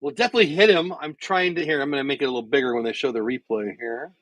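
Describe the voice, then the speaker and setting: A middle-aged man hosting a baseball watch party livestream from home, chatting casually and calling the plays with excitement. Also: medium pitch, rapid-fire, no room sound. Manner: chatty, thinks out loud, calls plays excitedly. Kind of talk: casual live baseball commentary.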